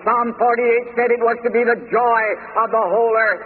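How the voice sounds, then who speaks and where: A man preaching a sermon in a measured, emphatic way. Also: very high voice, little pitch movement. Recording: tinny lo-fi sermon tape in a reverberant hall with faint noise.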